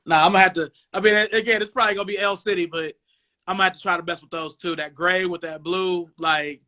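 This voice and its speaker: A man in his forties from Cleveland hosting a casual sneaker talk show over a video call, relaxed and rambling. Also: sits high, fast. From Cleveland, USA. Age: 40s. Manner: relaxed, rambling, lots of "um" and "you know". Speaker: podcast host. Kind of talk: casual chat. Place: home dining room.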